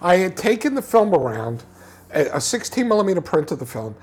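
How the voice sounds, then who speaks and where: A man telling a film anecdote in an interview, animated, with many restarts and repeated words. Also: sits high, a little fast, breathy edge. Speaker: filmmaker guest. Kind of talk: casual storytelling interview.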